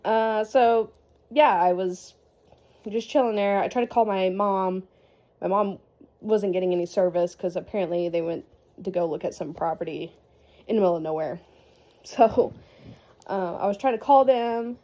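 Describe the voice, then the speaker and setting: A woman's voice: mid-range voice, normal speed, long pauses, dark tone. A young woman casually telling a story in a rambling vlog style, with lots of fillers and laughs. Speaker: vlogger.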